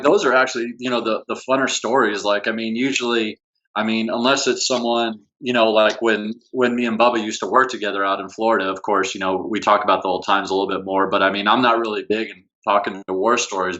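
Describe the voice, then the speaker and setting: A middle-aged man, a podcast guest, telling a story in a halting way, full of fillers. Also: fairly low pitch, level tone, pushed and bright, dull audio. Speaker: guest, former squad member. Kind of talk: casual chat, storytelling.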